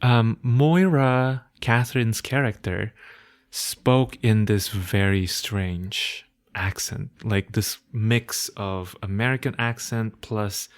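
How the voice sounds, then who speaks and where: A man with a hard-to-place accent, speaking English as a second language, hosting a solo podcast in a thoughtful, reflective way with soft laughs and phrases that trail off quietly. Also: lowish voice, slow, clear, resonant tone. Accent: hard-to-place non-native English. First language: not English. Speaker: podcast host.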